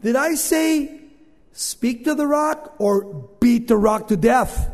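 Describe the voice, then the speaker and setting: A stern, fatherly God played by a male preacher who scolds with pointed questions. The voice sits high. It rings out in a hall with a long reverb. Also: takes it slowly, full character voice. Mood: chiding. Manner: conversational, questioning, chiding.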